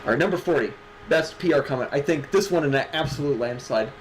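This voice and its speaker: A man's voice: a little high, animated, fast talker, background noise. Sarcastic joking male stream host. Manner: sarcastic, joking, swears casually. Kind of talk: casual stream chat.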